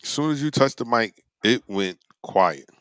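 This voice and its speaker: A man co-hosting, answering in short, calm remarks. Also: medium pitch, moderate pace, no room sound.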